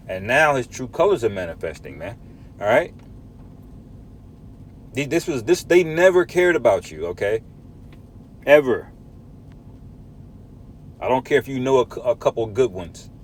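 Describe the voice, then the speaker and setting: A man's voice: mid-range voice, darkish tone, slight background noise. A man preaching from scripture, emphatic, often tagging lines with "man" and "all right?". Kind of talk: scripture teaching.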